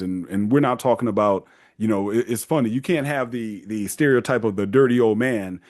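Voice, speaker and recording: A man hosting a casual advice monologue, talking in an animated way and mocking the people he quotes. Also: fairly low pitch. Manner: animated, acts out quoted parents in mocking voices. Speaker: host giving men's advice.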